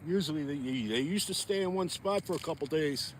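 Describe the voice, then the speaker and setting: Here the folksy fishing vlogger is brisk and on the high side in pitch, chatting directly to viewers from the frozen lake. Slight background noise accompanies his casual outdoor talk.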